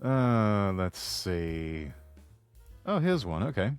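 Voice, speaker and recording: A man on a live stream talks in quiet, mumbled asides while reading chat. His voice is mid-pitched but lively in its rise and fall, close and dry on the mic, with faint music behind him. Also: normal speed, no echo.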